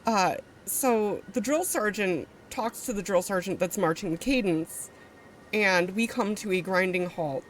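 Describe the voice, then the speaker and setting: A woman's voice: mid-range voice, measured pace, a little hiss or hum. A woman streamer casually telling a story to her live chat, rambling with fillers, restarts and swearing.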